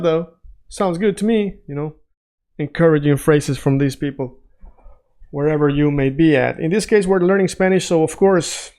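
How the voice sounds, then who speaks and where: Brief: male language teacher with a slightly high voice, casual and chatty, keeps asking "right?" while drilling phrases. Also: darkish tone. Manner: conversational, checks in often with "right?" and "all right?"; repeats phrases slowly to drill them. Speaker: Spanish teacher. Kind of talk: casual freestyle language lesson.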